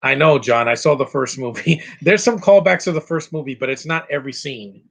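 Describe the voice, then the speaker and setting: A movie commentary host gives casual live commentary over a film in a brisk, medium-pitched voice that is gravelly and a bit bright. He is opinionated and rambling, with lots of fillers and restarts.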